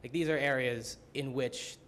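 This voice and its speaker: A young man presents at a student symposium in an earnest way, often reaching for "like" and "uh" as he goes. His voice sits at an ordinary middle pitch, and a faint low rumble runs under the recording. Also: steady tone, moderate pace, a bit bright. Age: young adult. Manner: earnest, many fillers like "like" and "uh".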